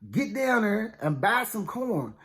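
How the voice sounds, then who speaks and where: A man's voice: sits high, sing-song, slow, fairly bright tone, pitched above the performer's own voice, heavily acted. A man voicing an older father who impatiently hurries his grown sons along with exasperated, bossy scolding. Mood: impatient urgent.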